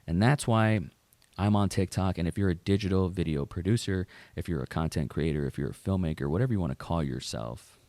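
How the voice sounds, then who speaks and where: A man's voice: sits low, a little fast, a little mellow, dry recording. A man hosting a podcast, earnestly talking through an article and urging listeners on. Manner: earnest, emphatic, with filler restarts. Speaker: podcast host. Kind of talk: podcast monologue reading an article.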